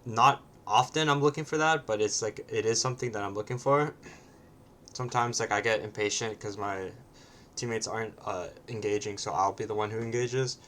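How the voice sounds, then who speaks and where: A man's voice: fairly low pitch, brisk, fairly bright tone, slight background noise. A man casually commenting on his own match, often ending points with a questioning "right?" and sometimes swearing bluntly.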